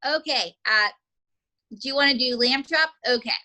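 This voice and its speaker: Bright, upbeat woman ventriloquist coaching. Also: sits high. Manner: upbeat, coaching, quick asides. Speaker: ventriloquist teacher.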